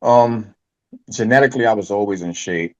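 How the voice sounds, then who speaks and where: A man's voice: on the low side, moderate pace, darkish tone, dull audio. A man as a podcast guest, telling his story casually with street slang and acting out the dialogue.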